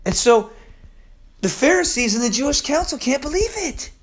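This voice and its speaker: A man's voice: very high voice, normal speed. Hyper, slangy male Bible teacher. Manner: hyper, slangy, animated, acts out the Bible characters. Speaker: preacher.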